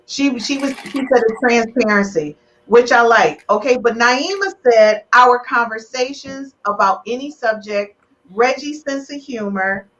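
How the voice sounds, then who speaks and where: A woman's voice: a little high, animated, a little slow, fairly bright tone, dull audio. A woman hosting a live relationship podcast, teasing her guests and getting emotional. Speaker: podcast host.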